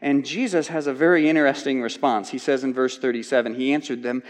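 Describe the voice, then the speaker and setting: A man's voice: mid-range voice, quick pace, hardly any pauses. A man teaching through a Bible passage in a conversational sermon, often repeating words as he restarts his thoughts. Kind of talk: expository sermon. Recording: long hall reverb.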